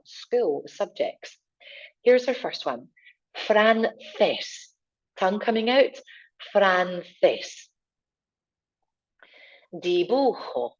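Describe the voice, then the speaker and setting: A woman teaching Spanish vocabulary, modelling each word slowly and clearly for learners to repeat. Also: sits low, darkish tone, muffled recording. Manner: slow, clear pronunciation modelling. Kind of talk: language lesson with repeat-after-me drills.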